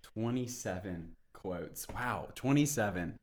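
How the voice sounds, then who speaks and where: A playful man with a low voice that swings up and down a lot, chatting as a co-host. He reacts with eager enthusiasm and an easy laugh. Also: expressive, slow pace. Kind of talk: casual chat.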